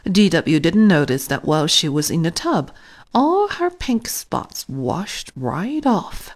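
Slow, expressive woman storyteller. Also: lowish voice. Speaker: storybook reader. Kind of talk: children's story read-aloud.

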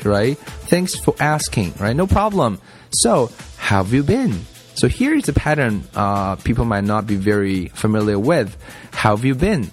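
A man teaching a lesson, explaining in a mix of Chinese and English and slowly repeating example phrases. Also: fairly low pitch. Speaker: language teacher. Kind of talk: bilingual classroom explanation.

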